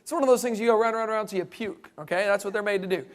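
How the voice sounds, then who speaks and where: A man's voice: sits high, racing. A man giving a humorous talk to a live audience, full of jokes and playful asides. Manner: joking, animated, playful asides. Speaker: creationist speaker.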